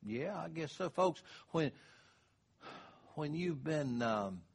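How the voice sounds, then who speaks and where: Husky older pastor. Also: male voice, a little high, animated, takes it slowly. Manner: folksy, conversational preaching. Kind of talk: sermon.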